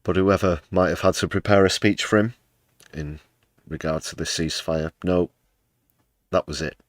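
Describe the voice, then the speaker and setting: A man's voice: sits low, steady tone, moderate pace, no room sound, clean studio sound. A British man hosting a livestream, giving sarcastic, sweary commentary on the news and laughing at clips. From United Kingdom. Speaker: livestream host.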